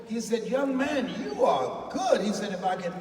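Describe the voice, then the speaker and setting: A man's voice: sits high, normal speed. A man giving a motivational speech to a live audience, telling stories and leading the crowd in repeating phrases. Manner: storytelling, animated, leads the crowd in repeated phrases. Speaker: motivational speaker. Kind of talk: motivational speech with call-and-response. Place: large hall with an audience. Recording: echoey hall from far off, faint noise.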